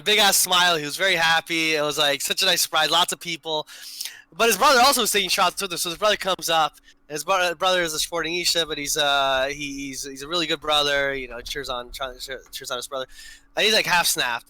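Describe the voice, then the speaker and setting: Bright, crisp male podcast host. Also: a little high, fast talker, dry recording, low-quality recording. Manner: lively storyteller, switches between Portuguese and English. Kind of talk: casual live-stream chat.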